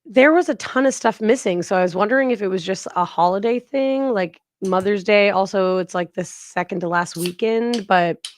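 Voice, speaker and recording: A woman co-hosting a podcast tells a story in casual chat, animatedly acting out the people in it and their quoted exchanges. She speaks at medium pitch and a moderate pace, with no echo.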